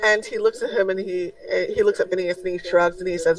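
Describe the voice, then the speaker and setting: A woman narrating as game master of a tabletop game in a relaxed way, with many fillers. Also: on the low side, a little fast, recorded from a distance, poor audio.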